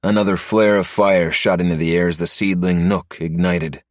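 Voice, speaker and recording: A man narrating a first-person story in a low, steady manner. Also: moderate pace, dry recording, clean studio sound. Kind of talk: scripted narration.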